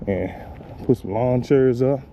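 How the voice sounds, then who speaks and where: A man's voice: mid-range voice, a little slow, lo-fi sound, slight background noise. A man with kids, vlogging casually while walking outdoors in a lakeside park, filming on a handheld phone, rambling loosely, cursing and laughing at his own jokes. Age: adult with kids. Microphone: handheld phone camera.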